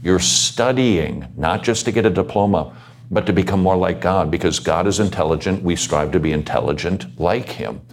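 Very deep-voiced man, earnest exhortation. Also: moderate pace. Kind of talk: Christian panel talk.

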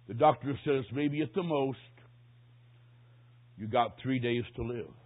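A man's voice: medium pitch, measured pace, pitched below the performer's own voice, lightly acted. A man preaching quotes a pastor speaking bluntly and earnestly to a dying man, on a tinny phone-like recording.

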